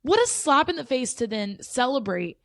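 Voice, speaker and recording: A woman's voice: high-pitched, big pitch swings, normal speed, fairly bright tone, dry recording, studio quality. A woman co-hosting a podcast, speaking earnestly and with passion in casual chat. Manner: earnest, impassioned, agrees often. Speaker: podcast co-host.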